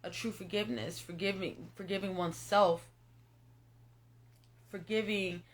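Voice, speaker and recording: At a measured pace and medium pitch, with a steady tone, a young woman reads tarot in a casual spiritual monologue. She speaks directly to her viewers, emphatic and repetitive, swearing throughout, and now and then becomes tearful.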